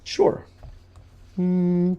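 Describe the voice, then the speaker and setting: A man's voice: high-pitched, monotone, extremely slow, warm tone, clean tone, highs cut off. A man playing a tabletop game, talking in a playful, joking way. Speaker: player. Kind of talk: casual tabletop play.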